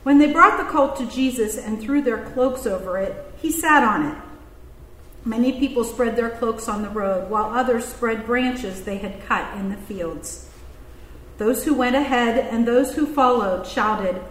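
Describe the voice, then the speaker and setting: Woman, scripture reader, higher voice, measured clear delivery, roomy church reverb. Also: a bit bright.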